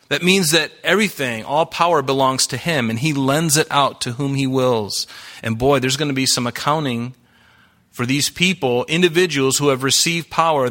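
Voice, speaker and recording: A man's voice: mid-range voice, sharp tone. A man preaching a sermon in a church, explaining scripture in an earnest, teaching way. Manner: earnest, explains Greek words, quotes scripture. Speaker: pastor. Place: church hall with live audience.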